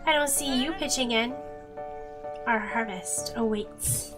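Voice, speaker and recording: A woman reading a pompous, stern male boss in a game, speaking in a slow, condescending way. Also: on the high side, fairly bright tone, soft background music. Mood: haughty. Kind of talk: reading a game's dialogue aloud.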